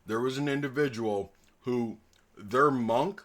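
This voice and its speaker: A man's voice: medium pitch, unhurried. A man running a tabletop game as dungeon master, telling stories with laughter and casual swearing.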